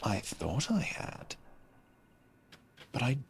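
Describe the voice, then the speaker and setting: A man giving casual gameplay commentary into a headset, pausing often to find the next word. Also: mid-range voice, wildly swooping pitch, gravelly, slight background noise. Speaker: gaming streamer.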